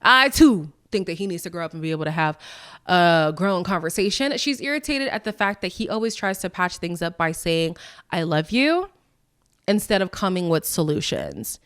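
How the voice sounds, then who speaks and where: Sassy, candid woman recapping a show. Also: clear, resonant tone. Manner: candid and sassy, with frank asides to listeners; lively, with quick jumps in pitch. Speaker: podcast host. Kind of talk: casual recap chat.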